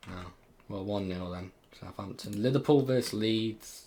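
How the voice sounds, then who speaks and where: A man's voice: lowish voice, moderate pace, dark tone. A young British man co-hosting a casual football podcast, self-mocking and laughing easily. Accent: British English. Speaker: podcast co-host. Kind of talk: casual chat.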